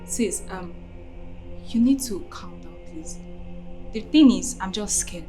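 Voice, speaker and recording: An actress playing an anxious pregnant sister who pleads and insists. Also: female voice, medium pitch, expressive, slow, warm tone, faint music behind. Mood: pleading. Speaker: worried sister. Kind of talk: film acting.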